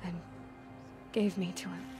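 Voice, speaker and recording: A woman's voice: fairly low pitch, little pitch movement, measured pace, over music, close to an everyday voice. A woman voicing a young, independent huntress who talks in a direct, wry way over game score. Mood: pointed.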